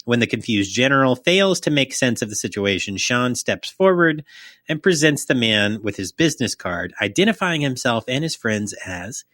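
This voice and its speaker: A man's voice: mid-range voice, big pitch swings, normal speed, a bit bright, no echo, studio quality. A young man co-hosting a podcast, chatting loosely and profanely, joking and reading a plot summary aloud. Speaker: podcast co-host.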